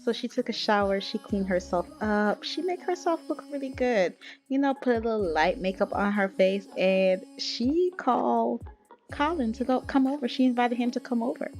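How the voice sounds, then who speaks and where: A woman's voice: fairly high pitch, moderate pace, a little mellow, faint music behind. Giggly woman gossiping over gameplay. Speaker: gaming video creator. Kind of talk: casual gameplay storytelling.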